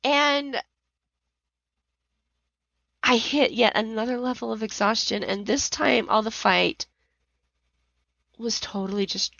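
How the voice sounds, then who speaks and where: Telling a personal story on her podcast, a middle-aged host becomes emotional and nearly shouts as her anger resurfaces. Her voice is on the high side and gravelly, and she takes it slowly with long pauses. The sound is lo-fi with no room sound.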